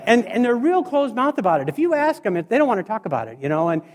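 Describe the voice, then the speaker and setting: A man doing storytelling stand-up comedy, animated and acting out the people in his stories. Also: very high-pitched, fast. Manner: animated, acts out voices and scenes. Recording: reverberant hall.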